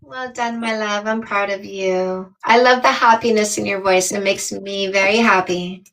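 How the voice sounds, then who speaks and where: A woman from Canada hosting a live dating-coach stream, talking slowly and emphatically and encouraging her callers. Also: mid-range voice, steady tone, fairly bright tone, recorded from a distance. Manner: slow, emphatic, encouraging, calls people "my love" and "ladies".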